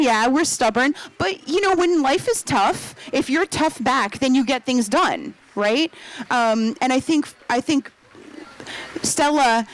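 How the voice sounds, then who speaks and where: A woman author talking about her novel at a book festival, telling stories with laughter and lively shifts. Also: a little high, low-quality recording. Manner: animated, laughing storyteller.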